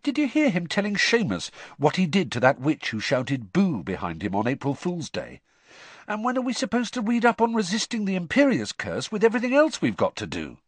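A man voicing a wary teenage schoolboy who grumbles nervously, with a husky voice. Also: high-pitched, wildly swooping pitch, fairly quick, no echo, voice pushed up, exaggerated voice. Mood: grumbling.

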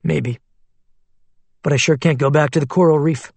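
A man voicing a tense, anxious man on the run, speaking low and hushed in an audiobook. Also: fairly even intonation, normal speed, gravelly, breathy edge, no echo.

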